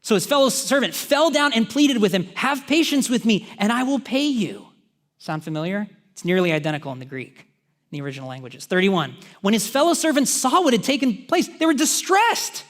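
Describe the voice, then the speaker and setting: A man's voice: sits high, sing-song, fairly quick. A man preaching a sermon in a church, talking conversationally with joking asides to the congregation. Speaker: pastor.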